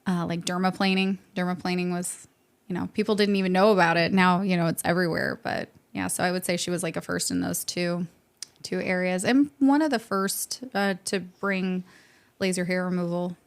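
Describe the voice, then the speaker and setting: A woman's voice: on the low side, steady tone, moderate pace. A young adult woman from the St. Louis area, chatting upbeat in a podcast interview as a guest, with frequent laughs and fillers. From St. Louis area, USA. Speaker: guest, med spa co-owner.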